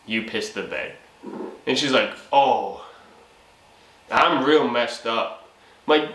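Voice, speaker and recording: A man's voice: medium pitch, slow pace, pauses often, fairly bright tone. A young man in casual comic storytelling, profane and laughing, acting out his own lines as he tells it. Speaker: channel host. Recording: echoey room with faint ambient noise.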